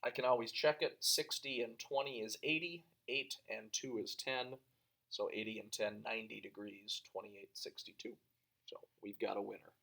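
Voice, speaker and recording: A man's voice: on the low side, steady tone, moderate pace, creaky, sharp tone. A man teaching a recorded math lesson, talking through each step aloud as he works it out. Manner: talks through steps aloud, thinking as he goes.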